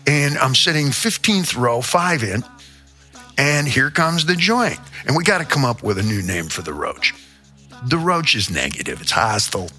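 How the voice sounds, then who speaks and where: A man's voice: mid-range voice, big pitch swings, normal speed, pushed and bright, soft background music. An older man from the American Midwest hosting a show, telling a rambling, theatrical comic rant. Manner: theatrical, rambling storyteller with sudden asides. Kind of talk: comedic rant monologue.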